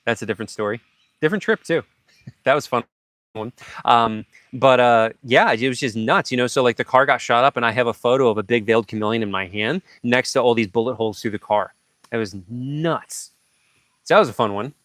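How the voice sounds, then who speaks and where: A man hosting a livestream, telling a story casually and acting out sound effects and shouted lines. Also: medium pitch, a little fast, no echo, clean studio sound. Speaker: livestream host.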